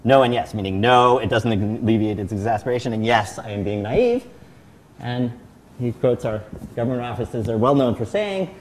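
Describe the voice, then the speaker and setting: Middle-aged man, guest speaker, animated storyteller with a mid-range voice; lots of pitch movement and restarts. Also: moderate pace, slight background noise. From United States. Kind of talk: anecdotal tribute speech.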